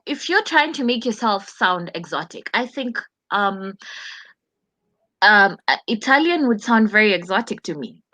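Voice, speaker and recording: A woman chatting as a panelist in casual commentary, animated and often restarting her words, from outside the US. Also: mid-range voice, a little slow.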